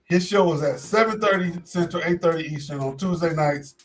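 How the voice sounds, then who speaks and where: A man hosts a casual sports talk show in a fairly high, easygoing voice. He often stumbles and repeats words as he thinks aloud. Faint music plays behind him. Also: fairly quick. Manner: laid-back, repeats words when thinking.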